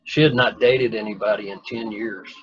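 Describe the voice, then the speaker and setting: His voice is on the low side, steady and a bit bright, at a moderate pace, with a little hiss or hum on a dull, dry, lo-fi recording. He's a guest spinning a long, folksy, rambling tale about himself, laced with self-deprecating jokes.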